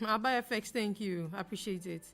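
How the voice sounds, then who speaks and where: A young woman from Ghana hosting a live trading stream, talking fast as she reads viewer comments aloud and answers them. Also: mid-range voice, a bit bright. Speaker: forex trading livestream host. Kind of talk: casual livestream chat reading viewer comments.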